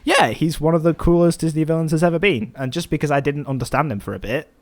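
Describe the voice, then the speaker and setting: Guy hosting a movie podcast, kinda rambly, voice sits a bit high. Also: fast talker. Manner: rambling, restarts often. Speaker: podcast host. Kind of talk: casual podcast chat.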